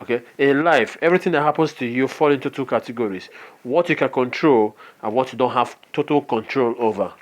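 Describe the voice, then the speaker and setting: A man's voice: mid-range voice, a little fast. A man with a Nigerian accent giving a motivational business training talk, earnest and often checking in with "okay?". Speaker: network marketing trainer.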